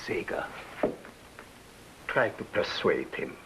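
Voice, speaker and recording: An actor playing a polished, coldly courteous communist official who interrogates a prisoner, in 1950s TV drama style. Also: male voice, slow pace, whispered, natural voice, poor audio. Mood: smooth. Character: suave menacing communist official, male.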